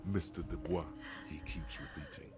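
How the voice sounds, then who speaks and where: A mocking inner-voice narrator. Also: male voice, very deep voice, steady tone, moderate pace, darkish tone, faint music behind. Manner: mocking, dramatic second-person narration. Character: deep-voiced inner-voice narrator of a detective game.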